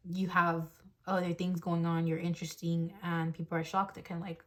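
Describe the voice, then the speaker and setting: Brief: a woman in her early 20s doing a chatty tarot reading, slightly low voice, rambles and thinks aloud, phone mic at a desk. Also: flat delivery, brisk, few pauses. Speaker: tarot reader. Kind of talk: casual tarot reading to camera. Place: home desk.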